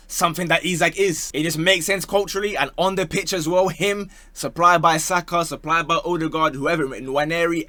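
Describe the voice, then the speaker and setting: A man's voice: a little high, pushed and bright, dry recording. A young man doing playful, slangy football talk for his channel, slipping into joke voices. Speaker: football YouTuber.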